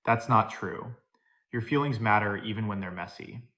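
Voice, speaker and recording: A calm, composed woman therapist with a soft, measured delivery, as a male narrator reads her lines. The voice sits low and stays close to an everyday reading tone, in a storybook telling. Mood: calm, intimate.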